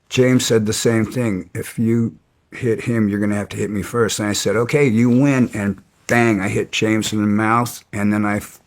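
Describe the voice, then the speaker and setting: A middle-aged man recounting his past in an interview, halting with frequent restarts. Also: lowish voice. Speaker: guest. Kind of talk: storytelling interview.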